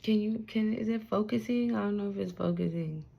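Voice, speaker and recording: A woman's voice: medium pitch, fairly quick, vocal fry, muffled recording. A young woman giving a casual spiritual card reading to the camera, talking in a loose, slangy way, swearing freely and speaking straight to the viewer.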